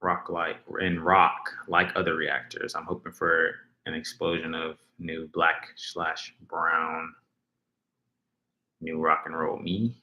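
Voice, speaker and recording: A man's voice: a bass voice, monotone, slow pace, bright, forceful tone, reverberant. A man hosting a casual livestream, rambling and reading viewers' comments aloud as he talks. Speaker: livestream host.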